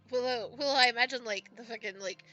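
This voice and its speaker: Bright, high-voiced woman player. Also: fairly quick, muffled recording. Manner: casual, swears freely, laughs often. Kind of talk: casual tabletop chat.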